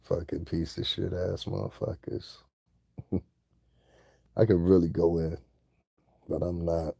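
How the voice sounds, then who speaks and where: A man's voice: sits low, gravelly, warm tone, slightly rough, no echo, studio quality. A man vlogging in a confrontational rant, profane and taunting, breaking into laughter at times.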